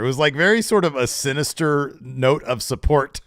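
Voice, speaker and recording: A man's voice: medium pitch, normal speed, dry recording, clean studio sound. A man co-hosting a wrestling podcast, casually recapping matches with plenty of "uh"s and raising his voice to quote wrestlers. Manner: relaxed recapping with filler "uh"s, quotes wrestlers in a raised voice. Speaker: podcast co-host.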